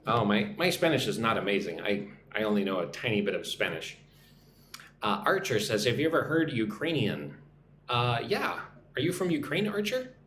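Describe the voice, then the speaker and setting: Man, online English teacher, lively pitch, echoey room, faint hum behind. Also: normal speed. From United States. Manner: chatty, reads out comments, greets viewers in their languages. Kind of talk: live stream chat with viewers.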